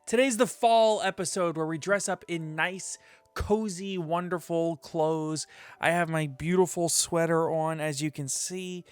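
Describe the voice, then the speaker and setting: A man hosts a laid-back podcast, joking around and rattling off sponsor reads and long lists of names. His voice sits a little high, with faint music underneath. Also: fairly even intonation, unhurried, clean tone, dry recording. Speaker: podcast host.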